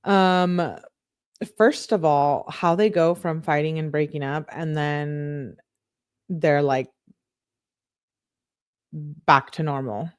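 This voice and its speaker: A woman's voice: deep voice, steady tone, takes it slowly, pauses often, smooth. A woman talking through a true crime case in a casual, conversational way, thinking aloud as she goes.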